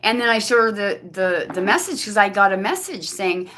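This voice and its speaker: A woman's voice: mid-range voice, animated, normal speed, a bit bright, a little hiss or hum. A woman telling a rambling personal story to camera, with many restarts and quoted voices. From Canada. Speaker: vlogger giving personal testimony. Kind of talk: rambling personal testimony monologue.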